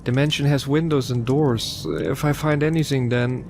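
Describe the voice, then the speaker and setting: A man's voice: medium pitch, fairly even intonation, normal speed, darkish tone, soft background music, pitched above the performer's own voice, lightly acted. Narrator as a restless trapped young man, desperate, earnest.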